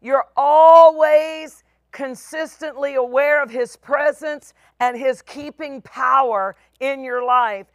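A middle-aged woman pastor preaching a sermon, with emphatic, drawn-out phrases and voices for the people in her stories. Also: high voice, steady tone, no room sound, clean studio sound.

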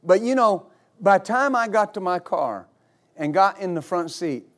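A middle-aged male pastor giving a sermon, telling stories with loud exclamations and laughter. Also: high-pitched, animated, moderate pace.

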